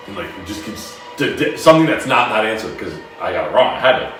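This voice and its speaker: A young man swaps stories on a casual podcast, jumping into lively put-on voices as he quotes people. His tone is bright and a bit low in pitch. He sits back from the mic, and the room echoes heavily. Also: fast talker, recorded from a distance, faint music behind. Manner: animated, acts out quotes in shifting voices. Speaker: podcast co-host. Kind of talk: casual storytelling chat.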